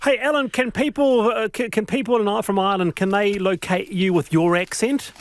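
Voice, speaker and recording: A man with a New Zealand accent hosting a live radio show, often halting and restarting. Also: high voice, steady tone, no echo. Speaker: radio host. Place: radio studio.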